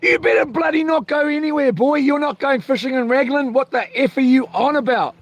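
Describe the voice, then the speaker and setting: A man mimicking his nagging wife, scolding him in a shrill ranting voice. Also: fairly quick.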